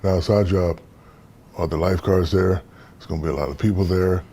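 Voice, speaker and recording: A man in his fifties from the United States, an interview guest telling stories in a relaxed, casual way and acting out the voices in them. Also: low voice, a little fast, husky. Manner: relaxed storyteller, acts out quoted dialogue.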